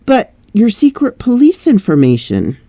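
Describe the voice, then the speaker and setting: A woman's voice: fairly high pitch, wildly swooping pitch, a little slow, mellow, no room sound, voice pushed up, heavily acted. A woman voicing a fretful old English housekeeper. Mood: anxious fretting. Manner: fretful, complaining.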